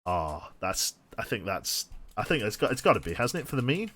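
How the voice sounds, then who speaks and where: A man's voice: lowish voice, big pitch swings, normal speed, few pauses, a bit bright. A man streaming a game, thinking aloud and rambling to himself with many restarts. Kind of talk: casual thinking-aloud gameplay commentary.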